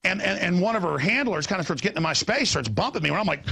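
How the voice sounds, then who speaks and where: A man hosting a show, talking in a rambling, animated way, stammering and repeating words. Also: high voice, quick pace, creaky, husky. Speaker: host. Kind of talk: rambling on-air chat. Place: studio in Austin.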